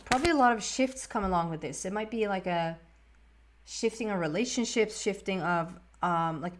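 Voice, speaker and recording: A woman's voice: medium pitch, moderate pace. A woman giving a casual, rambling tarot reading to camera, often restarting her words. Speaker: tarot reader.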